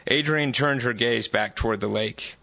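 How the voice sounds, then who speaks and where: A man reading his own novel aloud at a live bookstore event in steady narration. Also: mid-range voice, normal speed, creaky, dry recording. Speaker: author reading his book.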